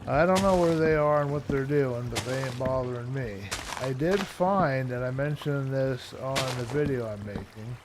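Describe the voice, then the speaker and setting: A man chatting casually while streaming a game, low-key and rambling, tired and yawning often. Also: normal speed, hardly any pauses, background noise. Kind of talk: casual live-stream chat while playing. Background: background music.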